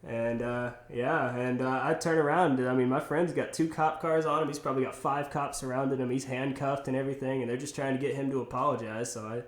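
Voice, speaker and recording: A man's voice: medium pitch, brisk, hardly any pauses. A man in his twenties, a podcast guest, telling a story in casual, profane speech with frequent laughter. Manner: animated, profane, laughs often. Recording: roomy echo.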